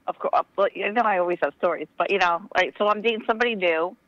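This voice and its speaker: A woman calling in to a talk show, gossipy, animated and crude. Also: on the low side, quick pace, no room sound, lo-fi sound. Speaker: caller. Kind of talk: casual chat. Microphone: phone call.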